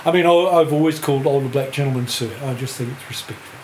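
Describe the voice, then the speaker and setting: A man's voice: mid-range voice, quick pace, darkish tone. Older New Zealand man telling a rambling story. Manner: rambling, laughs through his story, swears freely. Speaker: guest, music writer. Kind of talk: casual anecdotal storytelling. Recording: echoey room with faint hiss.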